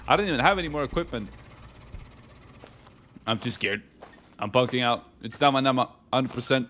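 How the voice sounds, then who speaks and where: A man giving jokey let's-play commentary on a horror game, talking to himself and breaking into panicked yelling. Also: mid-range voice, big pitch swings, a little fast, long pauses, slight background noise. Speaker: gaming YouTuber.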